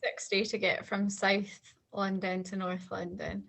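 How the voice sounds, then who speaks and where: A woman's voice: mid-range voice, monotone, unhurried, gravelly, a bit bright. A woman who is a guest on a podcast, reacting to the hosts and asking questions in casual chat.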